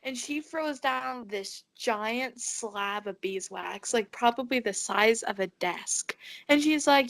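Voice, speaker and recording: A woman's voice: on the high side, measured pace, creaky. A teenage girl co-hosting a podcast, telling a dream story in casual chat, acting out the other voices and swearing freely. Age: teens. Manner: animated, acts out quoted voices, swears. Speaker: podcast co-host.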